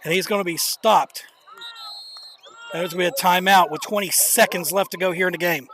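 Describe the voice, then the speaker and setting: A young man calling a live high school football game as play-by-play commentator, excitable, openly nervous and rooting for his team. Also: a little fast, some chatter behind. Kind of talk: live local sports commentary. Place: outdoor stadium bleachers. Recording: noisy outdoor stadium stream.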